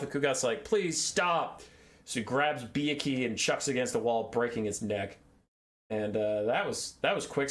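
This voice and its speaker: A man giving a casual video game lore recap as host, irreverent and profane, wandering off topic, with big swings in pitch.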